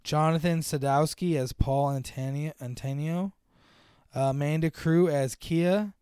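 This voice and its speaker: Man, podcast co-host, casual movie chat, crude jokes, quick character voices, smooth clear tone, dry close sound. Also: fairly high pitch, steady tone, warm tone, dry recording. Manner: joking, crude, does quick voices when quoting characters.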